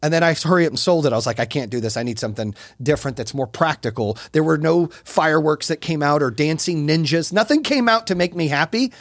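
A man's voice: fairly high pitch, lively intonation, quick pace, few pauses, no room sound. A man in his forties chatting on a podcast, telling brash, boastful stories. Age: 40s. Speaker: podcast guest. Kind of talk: casual podcast chat.

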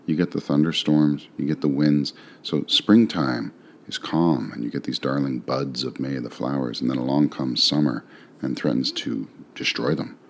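A man reading a sonnet aloud, then talking through its meaning in a relaxed, musing way with rhetorical questions. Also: a bass voice, normal speed, slight background noise. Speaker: poetry reader and explainer. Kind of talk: poetry reading and casual commentary.

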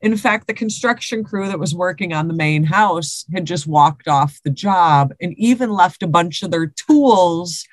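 Giggly low-voiced woman reading listener stories. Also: unhurried, few pauses, no echo. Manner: laughing, swearing, repeats herself. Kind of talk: casual stoner chat, reading stories aloud.

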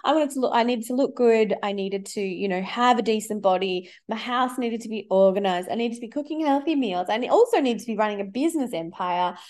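A forthright woman coach in her thirties talks openly and swears casually. Her voice sits a little high for a woman, and she speaks in a loose, chatty podcast manner. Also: brisk, few pauses, darkish tone. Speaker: life coach.

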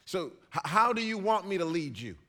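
Lively pastor guy preaching, bright sound, acts out bits in funny voices. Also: high-pitched, normal speed. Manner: animated, acts out little scenes in put-on voices. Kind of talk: sermon.

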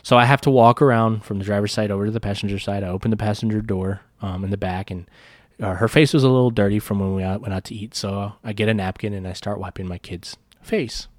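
Man, podcast host, lowish voice, rambling storytelling, profane, dry close sound. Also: fairly even intonation, quick pace, dry recording. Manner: rambling, profane, many restarts. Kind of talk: casual storytelling monologue.

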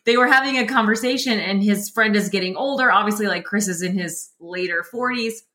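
A woman guest in a casual interview, talking in an animated way and often laughing as she explains. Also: medium pitch, a little fast, reverberant.

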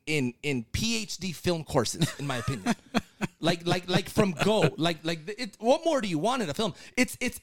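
A young man co-hosting a podcast, talking excitedly and rambling, with lots of restarts and swearing. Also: sits high, no echo. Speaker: podcast co-host. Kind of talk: casual podcast segment.

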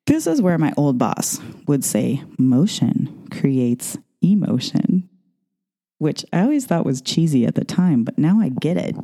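A woman's voice: a bass voice, dark tone. A middle-aged woman, a ballroom dance coach, talking casually in a chatty, rambling way full of asides. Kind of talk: casual monologue.

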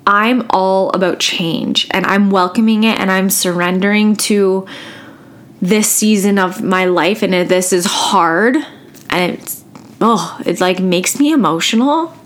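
A woman hosting her own podcast, talking casually and emotionally, halting and restarting as she holds back tears. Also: medium pitch. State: close to tears. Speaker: podcast host. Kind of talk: casual solo podcast talk.

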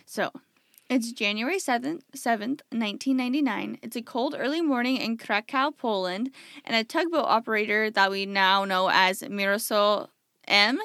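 A woman's voice: a little high, moderate pace, fairly bright tone, dry recording, clean studio sound. A young woman hosting a casual true-crime chat, talking loosely and acting out the people in her story. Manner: chatty, acts out people in quotes, lots of "like". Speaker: podcast host.

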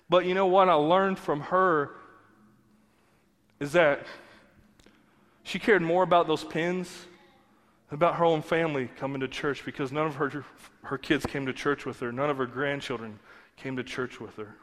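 A pastor with a slightly high, fairly bright voice preaches a sermon at normal speed, leaving long pauses. His delivery is earnest and conversational, with emphatic repetition. The church sanctuary gives a long hall reverb, and faint music plays underneath.

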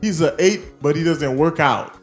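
A host in casual chat, reading out rating prompts, animated and laughing. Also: mid-range voice, moderate pace, soft background music. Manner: animated, hyped, laughs loudly.

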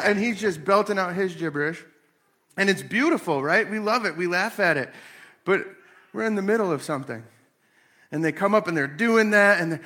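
Talking about faith and family, a man in his late thirties spins animated stories, slipping into acted-out voices along the way. His voice is high-pitched and his delivery brisk.

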